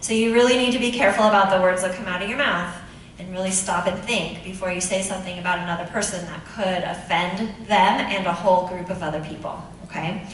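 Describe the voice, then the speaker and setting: A woman's voice: on the low side, fairly even intonation, fast talker. A woman principal talking to students at a school assembly, friendly and instructive, often asking the kids questions. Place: large echoey school room. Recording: very echoey room, speaker far from mic, faint noise.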